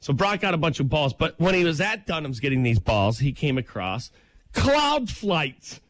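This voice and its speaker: A man's voice: medium pitch, a little fast, no echo. A man co-hosting a morning radio show, telling a playful, jokey story in casual banter.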